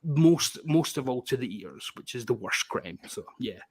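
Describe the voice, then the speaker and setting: A man holding forth on a live panel stream, mocking and profane. His voice sits at an ordinary middle pitch. It is recorded dry and close, with no room sound. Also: animated, moderate pace, gravelly, dry recording. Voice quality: sarcastic, swears a lot, mocking. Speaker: panelist on a music talk stream. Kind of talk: profane ranting casual chat.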